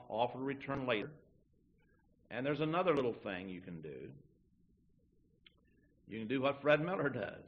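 A man's voice: mid-range voice, highs cut off. A man preaching a folksy sermon to his church, acting out little everyday dialogues as he teaches. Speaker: pastor.

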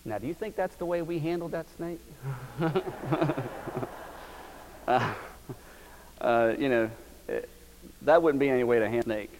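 A man's voice: mid-range voice, a little slow, pauses often, darkish tone, slight background noise. Man preaching in a reverberant hall. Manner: folksy storytelling, emphatic. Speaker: pastor. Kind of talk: sermon.

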